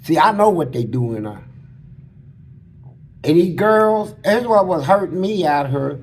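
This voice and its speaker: A man's voice: fairly high pitch, expressive, a little slow, a little mellow, breathy edge. A man as an interview guest, telling stories in casual, blunt and crude street slang, acting out other people's lines as he goes. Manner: acts out other people's lines mid-story. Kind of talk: casual storytelling about prison life.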